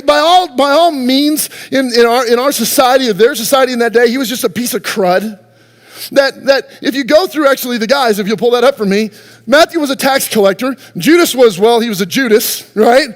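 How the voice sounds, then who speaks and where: A man's voice: very high voice, expressive, brisk, long reverb tail. A man preaching a sermon as pastor, talking conversationally and firing rhetorical questions at the congregation. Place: church sanctuary.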